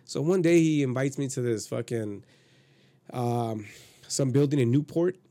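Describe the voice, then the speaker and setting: A man's voice: mid-range voice, unhurried, mellow, dry recording. A man in his thirties telling a rambling, profane story on a casual podcast. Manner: profane, rambling, acts out quotes. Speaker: podcast guest.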